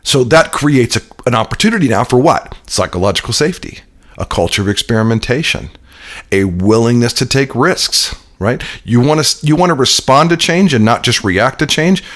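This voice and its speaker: A man's voice: medium pitch, lively intonation, moderate pace, fairly bright tone. A man being interviewed, explaining his ideas with energy, often repeating words as he starts a sentence. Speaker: interview guest. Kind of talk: conversational business interview.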